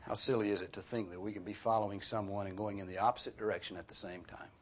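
A man's voice: on the low side, steady tone, fast, slight background noise. A man preaching a sermon as pastor, earnest and rising sharply for emphasis on key points.

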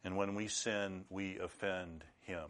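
A middle-aged preacher delivers a sermon in a low, slow voice with little pitch movement, speaking earnestly and with measure before breaking into sudden loud outbursts.

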